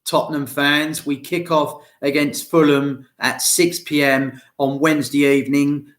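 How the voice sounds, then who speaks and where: A man's voice: fairly high pitch, steady tone, unhurried, few pauses, fairly bright tone. A man chatting casually about football to fans in a rambling, direct way, with a nagging cough. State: has a cough. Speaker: football fan vlogger. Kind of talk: casual solo football chat. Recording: roomy echo.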